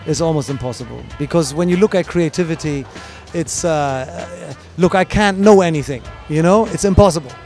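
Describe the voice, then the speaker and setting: A man's voice: fairly high pitch, moderate pace, a little mellow, soft background music. A man who judges breakdancing, explaining his judging in an interview with many fillers and restarts. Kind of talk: interview answer, explaining at length. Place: at a dance event.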